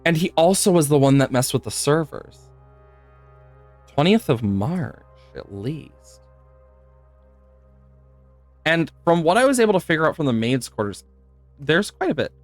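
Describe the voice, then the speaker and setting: A man's voice: fairly high pitch, sing-song, unhurried, pauses often, faint music behind. A man streaming a puzzle game live, chatting to viewers, laughing often and swearing now and then. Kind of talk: live gameplay commentary.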